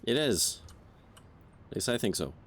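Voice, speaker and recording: Low-voiced guy gaming and joking, swears a lot, bouncy delivery. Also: big pitch swings, measured pace, slight background noise. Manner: joking, profane, thinking aloud. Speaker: host, game streamer. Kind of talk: casual gameplay chat.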